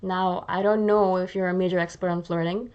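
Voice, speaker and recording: A woman's voice: lowish voice, steady tone, brisk, darkish tone, dull audio. Chatty self-mocking woman vlogger. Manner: chatty and self-deprecating, acts out little quoted asides. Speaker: YouTube channel host. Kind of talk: casual talking-to-camera vlog.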